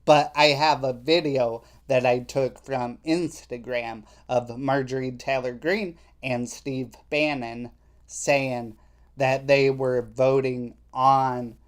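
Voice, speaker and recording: A live stream host giving political commentary in a skeptical, indignant way. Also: mid-range voice.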